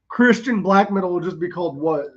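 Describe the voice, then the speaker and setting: A man hosting a podcast in casual chat, laughing loudly and swearing freely. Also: very high voice, dull audio. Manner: loud, laughing, swearing banter. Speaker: podcast host.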